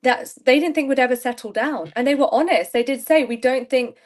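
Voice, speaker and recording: A woman's voice: high-pitched, fairly quick. A young woman, chatting candidly as an interview guest on a video call, laughing often. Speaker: reality show contestant guest. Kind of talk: casual interview chat.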